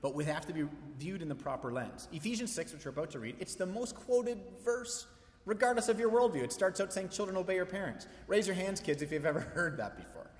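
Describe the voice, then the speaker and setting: A man preaching from the pulpit in a loose, storytelling manner, his voice sitting a little high for a man. The sound rings out with a long, roomy reverb, as in a church sanctuary. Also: big pitch swings, fairly quick. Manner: conversational storytelling with humor. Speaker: pastor. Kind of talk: sermon. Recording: echoey hall reverb.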